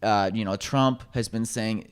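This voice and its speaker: A man's voice: medium pitch, lively intonation, normal speed. A man co-hosting a casual podcast discussion, opinionated and ranting, swearing now and then. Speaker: podcast co-host.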